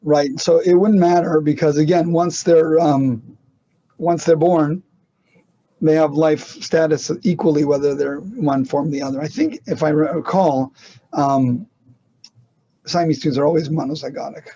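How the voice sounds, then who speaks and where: A man's voice: fairly high pitch, steady tone, measured pace, mellow, muffled recording. A man teaching a casual online class on medical ethics, talking conversationally with restarts and rhetorical questions.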